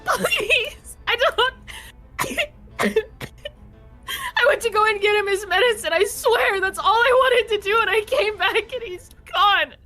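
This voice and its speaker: A woman's voice: extremely high pitch, lively intonation, takes it slowly, sharp tone, soft background music, pitched above the performer's own voice, exaggerated voice. A woman voicing a distraught mother crying and pleading for help as her son has vanished, in a tabletop game. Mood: panicked. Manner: shrieking, pleading, broken off. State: sobbing, panicked.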